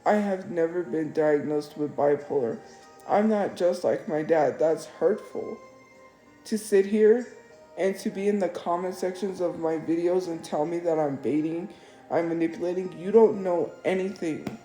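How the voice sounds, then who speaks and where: On this live stream, a female livestreamer with a fairly low, mellow voice talks at a moderate pace. Her monologue is emotional, upset and defensive, and she keeps repeating herself, all in an echoey room with faint music behind her.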